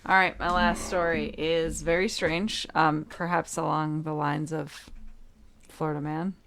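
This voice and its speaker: A woman's voice: low voice, little pitch movement, unhurried, gravelly, a bit bright. A woman co-hosting a casual podcast, reacting with short, dry remarks and exclamations before reading her own story. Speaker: podcast co-host, clergy spouse. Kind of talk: casual chat.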